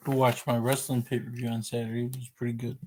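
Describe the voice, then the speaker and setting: A man co-hosting a casual live stream, giving short, relaxed replies. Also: medium pitch, breathy edge, poor audio.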